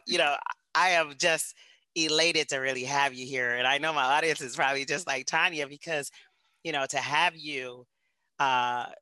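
A woman hosting an interview, effusive and emphatic, swinging from loud excitement to softer asides. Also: rumbling low, no echo, poor audio. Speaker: interview host. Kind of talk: enthusiastic interview introduction and questions.

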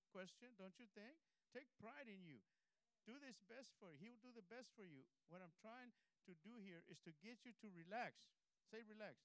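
High-voiced preaching pastor, clear and dry. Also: male voice, no room sound, poor audio. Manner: exhorting, conversational, breaks into soft laughs. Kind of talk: sermon. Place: church service.

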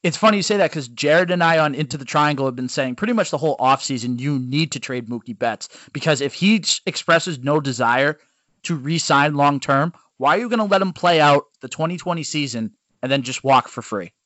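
Blunt man, lively storyteller, lo-fi. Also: on the high side, brisk, no room sound. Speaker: podcast guest and youth baseball coach. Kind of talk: casual sports chat. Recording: dull lo-fi dry sound.

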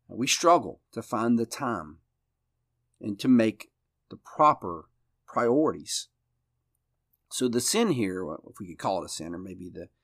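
A man, a pastor, giving a conversational Bible study and explaining each point in a thoughtful, steady way. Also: lowish voice, dry recording, studio quality.

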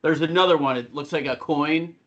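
A man's voice: fairly high pitch, a little fast, fairly bright tone, dull audio. A middle-aged man co-hosting a podcast, telling rambling, profane stories in casual chat. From Buffalo, New York. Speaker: podcast co-host.

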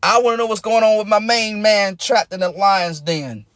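A man's voice: sits high, fairly even intonation, normal speed, a bit bright, dry recording, clean studio sound. A man preaching a sermon, building in rising, intense cadences and breaking into bursts of tongues.

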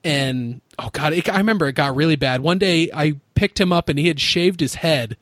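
Man, podcast host, frank and sweary, slightly high voice, dry sound. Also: a little fast, a bit bright, no echo. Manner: frank, swears freely, storytelling. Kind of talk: casual chat.

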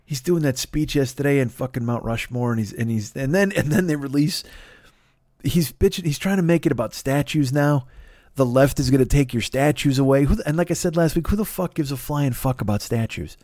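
The recording is dry and studio quality as a medium-pitched man speaks briskly. He's a middle-aged podcast host from Chicago in the Midwest, ranting casually in a profane, animated manner with frequent stumbling restarts.

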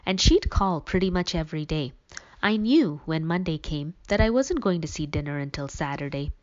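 A woman's voice: deep voice, lively intonation, moderate pace, a little mellow. A woman narrating a first-person story in the voice of a teenage boy, reading steadily. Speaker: audiobook narrator. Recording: dull lo-fi recording.

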